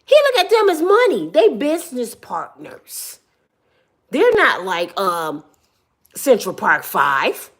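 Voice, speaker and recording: Woman ranting, high voice, very animated pitch, emphatic and preachy, tearful edge. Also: takes it slowly, slightly rough. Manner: emphatic, preachy, repeats words for stress. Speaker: commentary vlogger. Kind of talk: impassioned commentary monologue.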